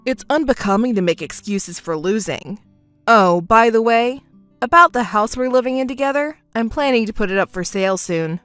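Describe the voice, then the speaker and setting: A woman's voice: fairly high pitch, expressive, normal speed, a bit bright, smooth, no room sound, soft background music. A woman voicing a smug, crude, cheating husband in a text-story voice-over, speaking dismissively.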